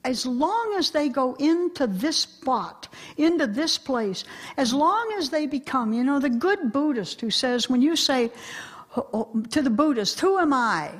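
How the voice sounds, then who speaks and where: A woman's voice: high voice, expressive, measured pace. A woman, a religious sister, answering audience questions at a talk in a forthright, emphatic way.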